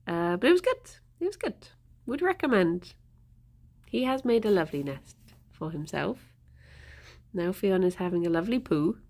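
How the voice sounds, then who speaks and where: A woman's voice: fairly low pitch, very animated, normal speed, long pauses, a little mellow. A woman hosting a casual livestream, chatting to viewers and cooing to her pets with frequent giggles. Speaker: livestream host.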